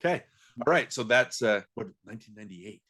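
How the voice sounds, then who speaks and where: A man co-hosting a podcast chats casually and ramblingly about films, often restarting his sentences. His voice is fairly low, expressive and a bit bright, and he speaks quickly.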